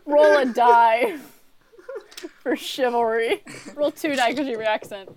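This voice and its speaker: A woman's voice: fairly high pitch, measured pace, darkish tone, slight background noise. A woman acting as game master, narrating a tabletop game with playful, laughing asides.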